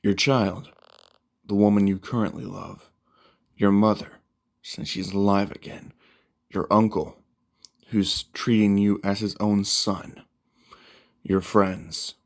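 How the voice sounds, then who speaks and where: Brief: brash young hero, swears, blunt and confrontational, low voice, read by a man. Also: flat delivery, takes it slowly, creaky, pauses often. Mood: scolding. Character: brash foul-mouthed young male hero.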